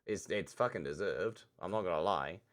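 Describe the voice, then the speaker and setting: A man's voice: low voice, normal speed. A man casually commenting and reading aloud while streaming a story game, with joking asides. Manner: laughing asides, swearing.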